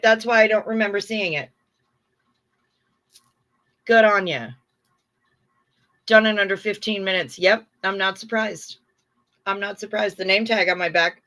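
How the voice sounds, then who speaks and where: A woman's voice: medium pitch, sharp tone. A middle-aged woman hosting a livestream in casual chat, effusive and chatty as she reads viewer comments aloud. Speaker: livestream host.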